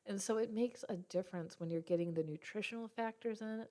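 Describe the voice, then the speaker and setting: A woman's voice: mid-range voice, a little fast, warm tone. A woman in her thirties who works as a health practitioner, explaining nutrition and brain health in a casual teaching talk, with small slips and self-corrections.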